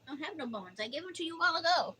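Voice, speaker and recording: A woman's voice: sits high, expressive, very fast, sharp tone, slight background noise, poor audio. An older woman chatting casually on her livestream, rambling through stories and cooing at her dog. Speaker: livestream host.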